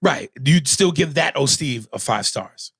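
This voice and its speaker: A brash, profane comedian hosting a podcast. He has a gravelly, mid-pitched voice with an animated delivery. He is recorded close and dry. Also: unhurried, dry recording. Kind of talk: casual comedy podcast chat.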